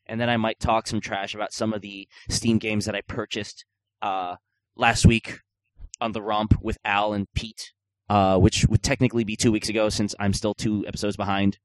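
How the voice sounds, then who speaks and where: Low-voiced joking male podcast host. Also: level tone, moderate pace, no echo. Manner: joking, rambling with filler words. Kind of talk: casual chat.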